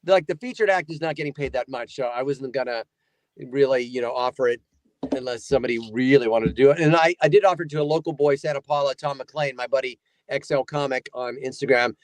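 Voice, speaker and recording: A man's voice: mid-range voice, fast, dry recording. A man who works as a voice actor, telling rambling stories as a guest in a casual chat. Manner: rambling, animated storyteller.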